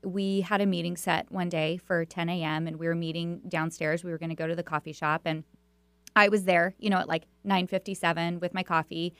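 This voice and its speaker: A woman's voice: lowish voice, level tone, a little fast, clear, resonant tone, dry recording. Woman hosting a radio talk show. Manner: warm storytelling with many fillers and restarts. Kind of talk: conversational radio interview.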